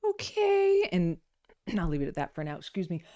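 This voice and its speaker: A woman's voice: lowish voice, huge pitch swings, moderate pace, warm tone, no room sound, clean studio sound. A woman giving a casual wellness talk, chatty and playful, wandering into stories and asides, on a modest home microphone. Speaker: wellness presenter. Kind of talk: casual teaching talk with storytelling.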